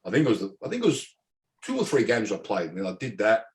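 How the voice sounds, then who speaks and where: Brief: middle-aged Australian ex-footballer, low-ish voice, rambling anecdotes full of fillers. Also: male voice, huge pitch swings, quick pace. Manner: rambling, repeats words, many fillers. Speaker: former professional footballer, guest. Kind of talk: casual interview storytelling.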